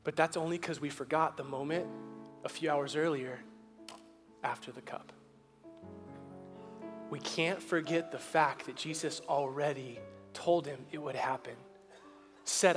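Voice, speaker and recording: A high-pitched male pastor delivering a sermon, his voice ringing through a large church hall with a long echo. Soft music plays faintly underneath. He drops to hushed storytelling and climbs back into forceful appeals. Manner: shifts between hushed, slow storytelling and rising, forceful appeals; acts out the Bible characters' lines in a casual, buddy-like voice.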